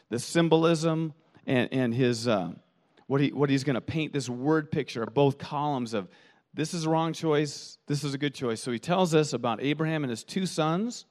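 Animated man preaching a sermon. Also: on the high side. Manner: animated storytelling with quoted voices; repeats words while thinking. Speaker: pastor.

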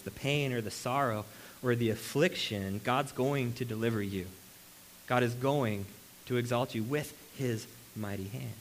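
Guy preaching to a room full of people, mid-pitched voice, animated, asks lots of questions, faint hiss behind. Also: rough recording. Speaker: pastor. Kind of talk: sermon. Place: room with a congregation.

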